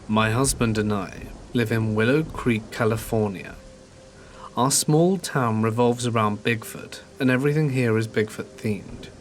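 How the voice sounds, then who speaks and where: A man narrating first-person horror stories in a calm, measured storytelling voice. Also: mid-range voice, soft background music. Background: steady rain sounds.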